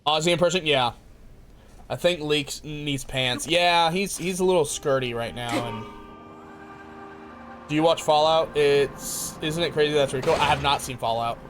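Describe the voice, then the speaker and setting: Excitable male streamer, high-ish voice. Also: normal speed, background noise. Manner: excitable, laughs often, talks to chat by name. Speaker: game streamer. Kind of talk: casual live-stream chat while playing.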